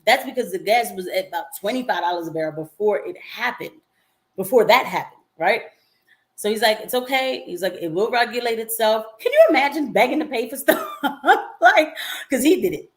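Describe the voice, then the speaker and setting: Animated woman reading chat on a livestream. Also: medium pitch, fairly quick. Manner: animated, swings into mocking quoted voices, laughs often. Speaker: nurse and political vlogger.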